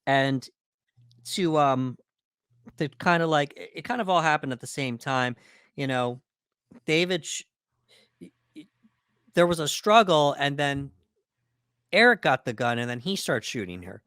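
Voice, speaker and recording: A man co-hosting a podcast, casually recapping film scenes and acting out characters' lines with quick put-on voices. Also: a little high, expressive, fairly bright tone, smooth, dry recording, clean studio sound. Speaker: podcast co-host. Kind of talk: casual movie breakdown chat.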